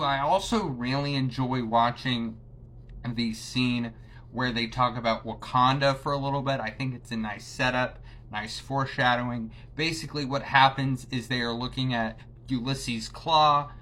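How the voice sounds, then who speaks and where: A man casually ranking movies for his channel, enthusiastic and swearing freely in a relaxed chat. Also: mid-range voice, moderate pace. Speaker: movie reviewer.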